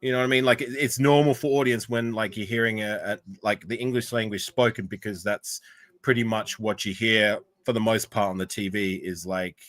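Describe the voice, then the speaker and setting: Australian guy cohosting a stream, loose and chatty, says like a lot, lowish voice, dry close sound. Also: a little fast, no room sound. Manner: relaxed, filler-heavy, lots of "like". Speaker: co-host. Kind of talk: casual livestream chat.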